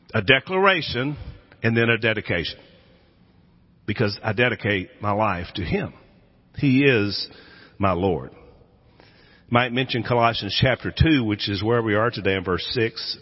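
Husky-voiced male pastor preaching in an echoey hall. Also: lowish voice. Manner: dramatic storytelling, acting out quoted voices. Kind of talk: sermon. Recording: echoey hall, dull lo-fi sound.

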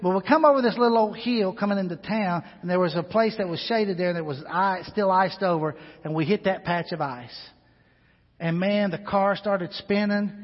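Husky preacher guy in a church, goes quiet then builds up loud, big echo, kinda muffled. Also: fairly high pitch. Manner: swings between hushed, intimate asides and loud, rising exhortation. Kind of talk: sermon with personal storytelling. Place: church sanctuary. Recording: long hall reverb, dull lo-fi sound.

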